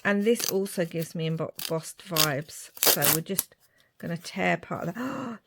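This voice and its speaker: A woman's voice: fairly low pitch, normal speed. A woman from Ireland chatting casually while making a craft project, muttering asides to herself. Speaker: craft vlogger.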